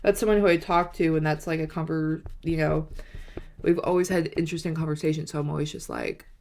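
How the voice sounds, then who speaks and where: Deep-voiced with vocal fry and a fairly quick pace, this twenty-something vlogger recounts a dating story. Her telling is casual and rambling, packed with "like" and "you know," and she animatedly performs the quoted lines.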